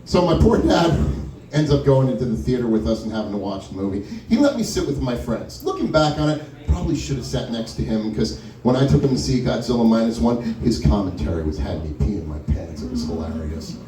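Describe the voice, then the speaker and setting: A man's voice: medium pitch, very animated, brisk, mellow. Self-deprecating man telling stage stories. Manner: self-deprecating rambling storytelling. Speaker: stand-up comedian. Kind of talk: stand-up comedy set. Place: wine lounge, live stage. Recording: roomy live room from far off.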